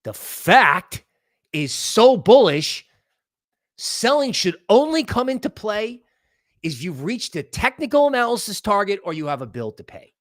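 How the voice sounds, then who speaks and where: Excitable man rambling through market talk. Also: high voice, moderate pace, no room sound, clean studio sound. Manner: excitable, rambling, thinks aloud. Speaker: crypto channel host. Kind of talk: livestream market commentary.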